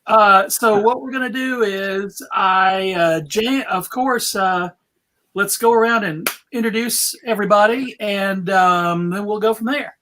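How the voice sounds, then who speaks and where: A man hosting a video-call panel, introducing guests in a playful, drawn-out way. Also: sits high, bright, forceful tone, a little hiss or hum. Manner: slow, playful, drawn-out phrasing. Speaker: panel host. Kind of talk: casual video panel chat.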